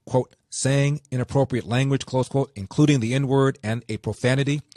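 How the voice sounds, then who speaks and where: A man's voice: medium pitch, a little mellow, dry recording, clean studio sound. A man hosting a talk radio show, reading quotes aloud with a sarcastic edge and taking calls.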